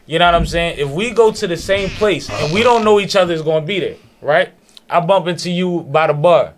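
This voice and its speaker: A man talking in a fairly high voice, bold and emphatic. He lays out his points with slang and everyday examples in casual podcast banter. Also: brisk, a little hiss or hum. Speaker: podcast co-host.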